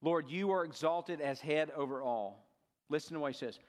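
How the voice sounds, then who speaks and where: A man's voice: fairly high pitch, normal speed. Preaching man in a reverberant hall. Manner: preaching, rising and dropping for emphasis. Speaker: pastor. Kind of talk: sermon.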